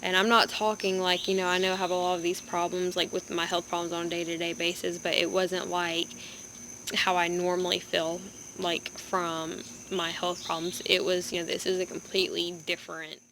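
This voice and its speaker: A young woman vlogger, in pain and low on energy, telling a story in a rambling, halting way into a phone. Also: flat delivery. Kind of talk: casual vlog storytelling. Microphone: phone camera. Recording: background noise with birds and insects.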